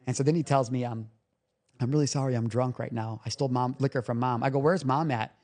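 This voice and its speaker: A man's voice: mid-range voice, steady tone, fast talker, darkish tone. Male podcast guest, mid-range voice, candid and emotional, casually profane storyteller. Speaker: recovery coach guest. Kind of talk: podcast interview, personal storytelling.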